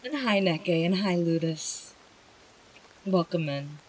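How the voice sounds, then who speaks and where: A streamer reading a bedtime story aloud and chatting with viewers, in a gentle, emotional way. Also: mid-range voice, animated, slow, slight background noise, rough recording.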